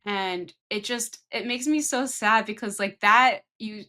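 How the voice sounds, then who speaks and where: A young woman co-hosting a podcast, talking in a measured, thoughtful way in casual chat. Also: mid-range voice, sharp tone. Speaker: podcast co-host.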